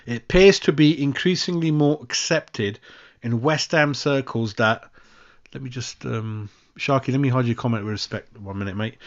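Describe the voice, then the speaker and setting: Man, casual rambling stream chat, slightly dull lo-fi sound. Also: medium pitch. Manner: chatty, rambling, says mate constantly. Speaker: fan channel host.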